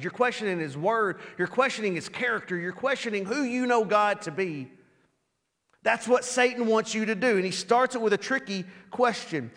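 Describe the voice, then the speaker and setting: A man's voice: high voice, a bit bright, big-room sound. A man preaching a sermon in a casual, conversational way, often repeating words as he restarts a thought.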